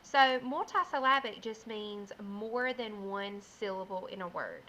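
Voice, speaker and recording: A woman teacher giving a first grade phonics lesson, explaining slowly and clearly and sounding out words. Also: mid-range voice, animated, bright, forceful tone, a little hiss or hum, poor audio.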